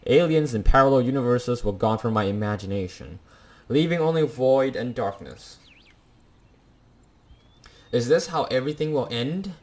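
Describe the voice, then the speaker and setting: A man's voice: medium pitch, moderate pace, pauses often. A young man playing a visual novel, reading its text aloud and cracking jokes in between. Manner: jokey asides between dramatic read lines. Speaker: let's play gamer.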